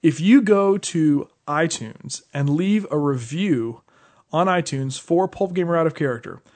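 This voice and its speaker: A man hosting a gaming podcast who talks in a chatty way, stopping often with "uh" and little laughs. His voice sits a bit high for a man. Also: measured pace, a little mellow. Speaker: podcast host. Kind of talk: casual chat, reading a promo.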